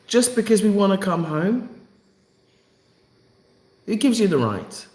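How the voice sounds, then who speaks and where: A woman talks straight to her live-stream viewers, driving each point home by repeating it. Her pitch swings widely and her voice has a lively, animated rise and fall. The sound carries a noticeable echo from the room. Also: slow. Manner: emphatic, repeats phrases for effect. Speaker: channel host. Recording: echoey room.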